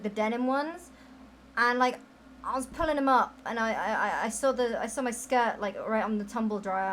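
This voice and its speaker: A woman's voice: on the high side, a bit bright, slight background noise. A young woman streaming and role-playing a game, chatting casually in a put-on Southern US accent, rambling and filling her talk with "like" and restarts.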